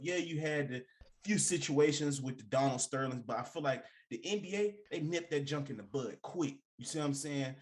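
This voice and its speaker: A young adult man co-hosting a casual sports talk show, emphatic and animated, with slangy delivery and big swings in pitch. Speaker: podcast co-host.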